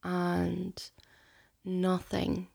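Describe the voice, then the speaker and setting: A woman speaking slowly in a low, level voice with a gravelly fry running through it. She talks hesitantly and softly, often dropping to a breathy near-whisper, in an intimate conversation. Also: monotone. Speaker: guest sharing a personal story.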